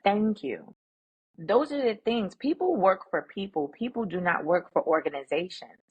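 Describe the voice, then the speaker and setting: A middle-aged woman, a guest speaker, telling workplace stories in an animated, emphatic way and acting out the quoted talk. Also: on the low side, moderate pace, husky, dull audio. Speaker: guest, emotional intelligence speaker. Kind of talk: conversational storytelling.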